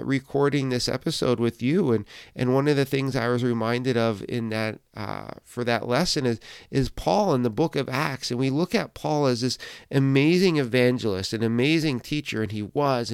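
A middle-aged male pastor gives a reflective devotional talk in an earnest, encouraging way. His voice is smooth and resonant, with a gravelly edge. The sound is dry and close. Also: mid-range voice, dry recording.

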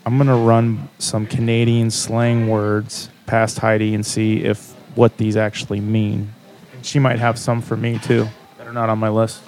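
A man's voice: fairly low pitch, gravelly, warm tone, a little hiss or hum. A man hosting a casual chat, curiously quizzing his guest with questions from a list. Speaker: host.

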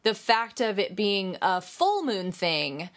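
A woman's voice: mid-range voice, big pitch swings, slow pace, fairly bright tone. A woman co-hosting a casual chat about classic films, chatty and enthusiastic. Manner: chatty, enthusiastic, quotes her own thoughts. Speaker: podcast co-host.

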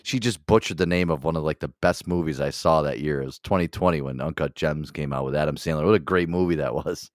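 A man's voice: a bass voice, fast talker, hardly any pauses, no echo, clean studio sound. A man hosting a podcast in casual chat, joking and teasing his co-host and swearing often.

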